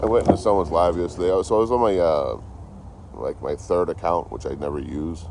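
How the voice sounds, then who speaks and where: A man's voice: low-pitched, brisk, a little mellow, a little hiss or hum. A man from Detroit rambling casually and swearing a lot on an outdoor livestream, talking into his phone. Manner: rambling, heavily profane. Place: outdoors, by a road.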